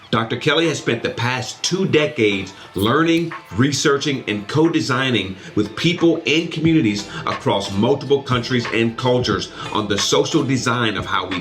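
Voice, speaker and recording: A man's voice: medium pitch, fairly bright tone. An American man opening his podcast, reading a formal introduction of his guest in an upbeat way. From United States. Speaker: podcast host. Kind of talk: scripted show introduction.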